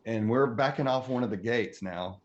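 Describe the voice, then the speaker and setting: A man who is a podcast guest, telling a comic story in an animated way and laughing often through it. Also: mid-range voice, moderate pace. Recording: muffled audio with faint noise.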